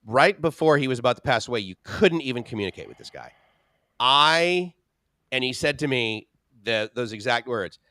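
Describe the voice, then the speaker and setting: A man's voice: medium pitch, sing-song, moderate pace, bright, forceful tone, no room sound. A man co-hosting a live stream, telling a personal story in casual chat, emphatic and piling up repeated phrases and lists.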